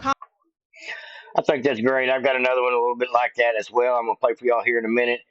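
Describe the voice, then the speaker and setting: A man's voice: medium pitch, monotone, very fast, fairly bright tone, dry recording, lo-fi sound. A man, hosting his own political commentary, rambling casually to viewers with frequent "uh"s. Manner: folksy, rambling, many "uh" fillers. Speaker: political commentary channel host.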